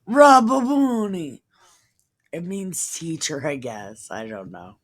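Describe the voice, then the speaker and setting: A woman reading a Bible passage aloud and breaking off into profane, confused, deadpan asides. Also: extremely low pitch, unhurried, husky. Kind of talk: irreverent casual Bible reading with commentary.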